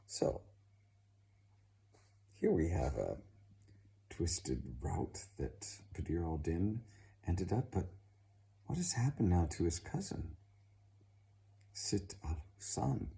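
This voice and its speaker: A man narrating a folk tale in a slow, dramatic, expressive storytelling manner. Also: low-pitched, vocal fry.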